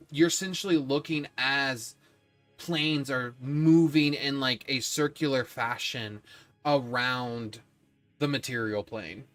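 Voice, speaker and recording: A man's voice: medium pitch, a bit bright. Laid-back man running a tabletop game. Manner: casual, laughing, profane. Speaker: game master.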